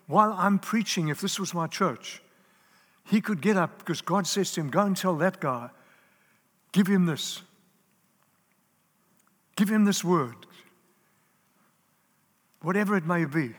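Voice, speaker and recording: In a church hall, a man with a high, slightly bright, husky voice preaches earnestly and emphatically, stacking up lists and repeating key words. It was recorded live in a large, reverberant hall.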